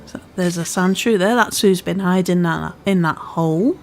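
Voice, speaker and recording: A woman's voice: fairly low pitch, normal speed, a little hiss or hum. A woman with a part Scouse, part Welsh accent, casually commentating a game she is playing, chatty and self-deprecating. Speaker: gaming channel host. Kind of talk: casual let's-play commentary.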